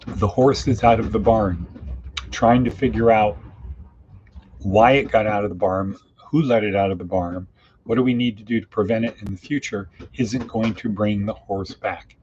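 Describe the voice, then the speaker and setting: A man's voice: lowish voice, steady tone, moderate pace, darkish tone. A man hosting a daily podcast in a casual, folksy monologue full of plain-spoken idioms. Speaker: podcast host. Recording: dull lo-fi with faint hiss.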